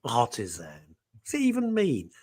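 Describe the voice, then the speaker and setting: A man in casual radio studio chat, quick with jokes and full of stammered restarts. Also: mid-range voice, huge pitch swings, husky, no echo.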